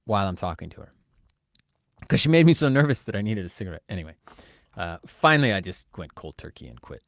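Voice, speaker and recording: A man co-hosting a casual podcast, telling stories in an animated, joking way. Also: mid-range voice, dry recording, clean studio sound. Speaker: podcast co-host and producer.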